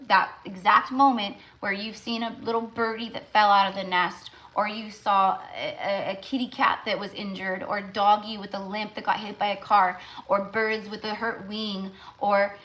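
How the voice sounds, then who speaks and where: A woman's voice: medium pitch, sharp tone. A woman tarot reader talking casually on a live stream, rambling and emotional, with lots of fillers.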